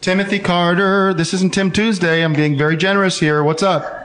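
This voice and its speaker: A man hosting a comedic call-in show, deadpan and mock-pompous with callers. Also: a little high, a little fast, faint music behind. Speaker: host.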